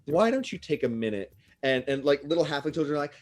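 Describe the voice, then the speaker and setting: Lively man running a tabletop game. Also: fairly high pitch, quick pace. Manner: animated, chatty narration with playful asides. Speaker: game master.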